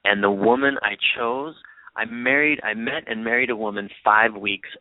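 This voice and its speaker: A man's voice: lowish voice, normal speed, no echo. Earnest man, phone-line sound. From United States. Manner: earnest, with frequent restarts and repeated words. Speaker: guest, author and relationship coach. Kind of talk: reflective interview talk. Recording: dry, phone-like narrow sound.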